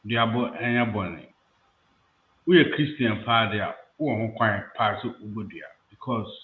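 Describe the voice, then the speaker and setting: A man's voice: fairly low pitch, reverberant, narrow, tinny audio. A Ghanaian man arguing his opinions in casual talk show discussion, citing Bible stories. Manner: opinionated, argues with Bible examples.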